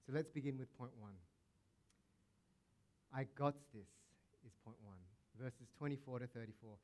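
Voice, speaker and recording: A man's voice: mid-range voice, fast, darkish tone. Man preaching a casual, playful sermon. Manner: conversational, playful preaching with acted quotes. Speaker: pastor.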